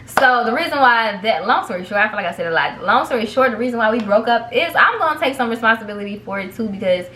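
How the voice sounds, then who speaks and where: A young woman in her twenties telling a casual storytime vlog, chatty and animated, acting out what people said and talking straight to her viewers. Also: fairly high pitch, fast, reverberant. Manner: animated, acts out quotes, addresses viewers as "y'all". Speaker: vlogger.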